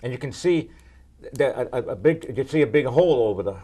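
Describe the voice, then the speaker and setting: A man's voice: mid-range voice, animated, fast, mellow. An older man answering weather questions in a joking, rambling way, full of puns and asides. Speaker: weather expert guest.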